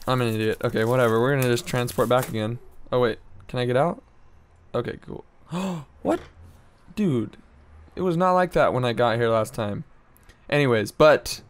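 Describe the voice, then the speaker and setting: A man's voice: medium pitch, clean tone. A man giving casual, slangy game commentary, talking to himself and getting easily frustrated as he plays. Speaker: gameplay commentator.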